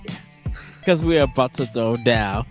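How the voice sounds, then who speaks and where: A man's voice: medium pitch, unhurried, music in the background. A man hosting a casual gaming podcast, upbeat and laughing often, rambling with fillers. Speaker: podcast host.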